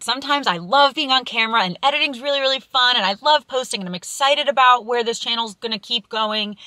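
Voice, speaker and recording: A woman's voice: fairly high pitch, bright, forceful tone, no echo, studio quality. A young woman talking candidly to camera in a vlog, holding back tears as she rambles with fillers. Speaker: vlogger. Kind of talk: candid confessional vlog talk.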